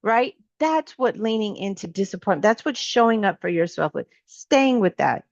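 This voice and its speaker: A woman's voice: medium pitch, expressive, moderate pace, vocal fry, hardly any pauses, a little mellow, no echo. A woman life coach giving a motivational teaching talk, emphatic and repetitive in a sermon-like way, casual with her listeners. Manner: casual, addresses listeners as sis. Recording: slightly dull, lo-fi recording.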